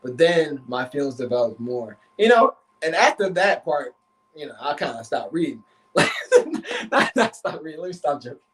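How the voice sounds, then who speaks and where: A man with a fairly high voice tells a story on a live stream. He is animated and swears freely as he talks. He acts out the voices of the people in his story. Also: moderate pace, poor audio. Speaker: therapist and relationship coach.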